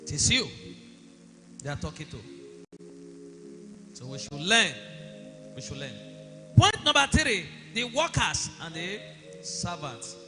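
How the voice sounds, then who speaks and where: A male pastor with preaching a sermon, asking the congregation questions and rising to shouts. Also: fairly high pitch, sing-song, measured pace, long pauses. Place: church hall. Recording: long hall reverb with music behind.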